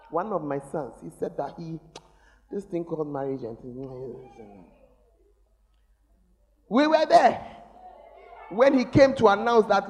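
A middle-aged male pastor preaching a sermon, teasing the congregation with sudden shouts. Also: sits high, expressive, takes it slowly, pauses often. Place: large church. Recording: long reverb of a large church hall.

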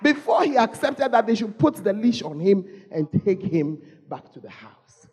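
Preaching a storytelling sermon in a Ghanaian English accent, a woman uses a husky, slightly mellow voice that swings widely in pitch with a sing-song lilt. At a moderate pace, she calls out to the congregation and repeats points for effect.

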